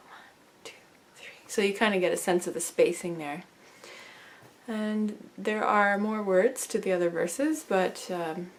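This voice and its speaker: A woman teaching a song in a relaxed, soft-spoken way, now and then singing lines slowly to demonstrate. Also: mid-range voice. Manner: soft, unhurried explaining, breaks into slow sung lines.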